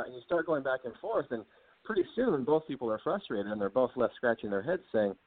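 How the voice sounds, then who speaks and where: A man's voice: mid-range voice, animated, dry recording. A man, an author, explaining his ideas as an interview guest in an earnest way and laughing easily. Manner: earnest, quick to laugh, acts out example dialogue. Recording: dry, tinny phone-like line.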